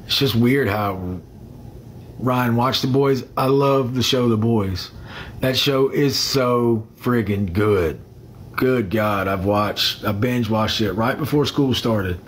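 A man's voice: medium pitch, slow, a little hiss or hum. A man chatting casually on a phone livestream. He rambles, fills the gaps with "uh", and greets viewers by name.

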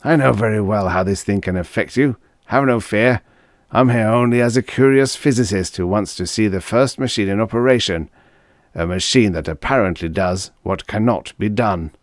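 A man's voice: fairly low pitch, normal speed, no echo, clean studio sound, natural voice. A man voicing a skeptical male physicist who talks in a pointed, cynical way.

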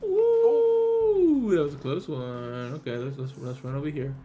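A man chatting casually while playing a video game, often muttering quietly to himself between stories. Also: on the high side, sing-song, a little slow, dull audio, soft background music. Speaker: gamer. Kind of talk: casual gameplay chat.

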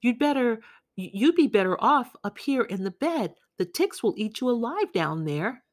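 Lonely, clingy woman, soft and pleading, read by a woman, audiobook, dry close sound. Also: on the high side, very animated, normal speed, no echo, pitched above the performer's own voice. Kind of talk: audiobook reading.

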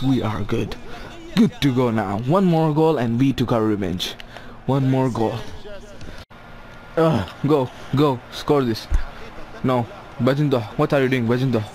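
Excitable young man calling his football game. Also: mid-range voice. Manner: shouts players' names, swings from cheering to groaning. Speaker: gaming YouTuber.

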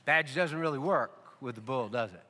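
A man's medium-pitched voice, pushed and bright at a normal speed, rings through an echoey church hall. He's the pastor delivering a sermon, emphatically warning listeners and speaking straight to them through stories.

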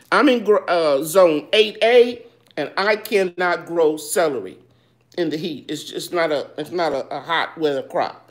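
A woman hosting a live gardening chat. She reads viewers' questions aloud and answers them in a homey, loose way, calling people baby. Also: lowish voice. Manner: loose, with fillers and restarts. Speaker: gardening show host.

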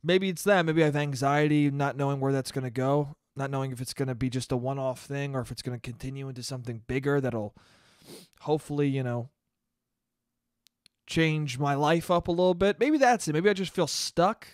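A man's voice: medium pitch, brisk, no room sound, clean studio sound. A young man hosting a casual solo podcast, rambling and cursing in a self-mocking way. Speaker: podcast host and comedian.

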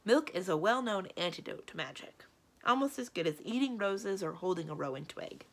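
A woman librarian reading a children's book aloud in a lively, expressive storytelling manner. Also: medium pitch, normal speed.

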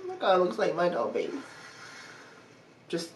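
A woman reacting to a movie in casual commentary, expressive and exclamatory, laughing often. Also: fairly low pitch, a little slow, a little hiss or hum. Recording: roomy echo with faint music.

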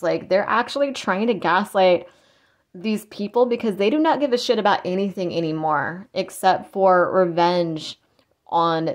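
Rambling blunt woman tarot reader. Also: mid-range voice. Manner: rambling, blunt, swears, mocks in quoted voices. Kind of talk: casual spiritual channeling talk.

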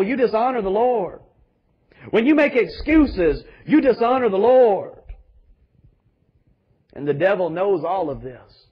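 A man's voice: high-pitched, highs cut off. A man pastor preaching a sermon with emphatic rhetorical questions and calls to the congregation.

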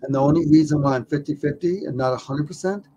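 Animated, higher-voiced man telling a story. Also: fast talker, dull audio, a little hiss or hum. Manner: animated storyteller who stammers and repeats words. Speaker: documentarian and wildlife filmmaker, interview guest. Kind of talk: casual storytelling in an interview.

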